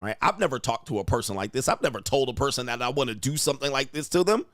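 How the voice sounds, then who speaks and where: A man's voice: mid-range voice, animated, racing, a bit bright, no room sound, clean studio sound. A man hosting a reaction commentary, talking in a blunt, mocking and exclaiming way. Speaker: host.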